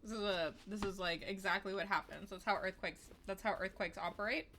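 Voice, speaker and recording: A woman's voice: medium pitch, steady tone, a little fast, bright, forceful tone, a little hiss or hum. A woman livestreaming a game, talking sarcastically and swearing freely while eating. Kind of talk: gameplay livestream commentary.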